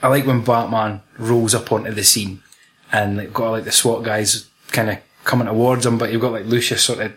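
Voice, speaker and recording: A man's voice: fairly low pitch, fairly even intonation, normal speed, a bit bright. A Scottish man chatting casually about a film, full of slang and swearing.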